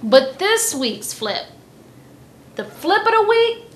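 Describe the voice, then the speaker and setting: A woman hosting a highlights show, presenting the picks in an upbeat, lively way. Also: slow pace, echoey room. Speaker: host.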